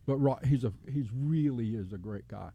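A man's voice: medium pitch, vocal fry, slightly rough, phone-quality sound. A man in his sixties with a Texan accent, hosting a casual radio chat and rambling along at speed. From Texas. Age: 60s. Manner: fast-talking, rambling. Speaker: radio host.

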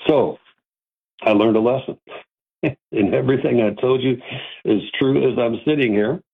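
A man, an antiques dealer, telling a folksy story with animated asides and a husky voice. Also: medium pitch, moderate pace. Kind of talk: casual storytelling. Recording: tinny phone-like audio.

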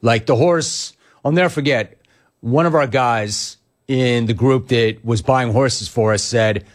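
A man's voice: medium pitch, measured pace. A man hosting a sports talk show, telling stories emphatically and riffing on listener comments.

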